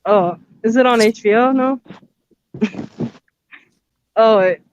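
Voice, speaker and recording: A woman's voice: a little high, slow, muffled recording, a little hiss or hum. A young woman in a casual chat, giggly and slangy as she tells stories.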